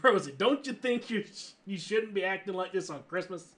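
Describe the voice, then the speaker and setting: A hot-tempered young boy argues his side in a high, bright voice, played by a man. This is a comedic story read-aloud. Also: expressive, brisk. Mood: defensive.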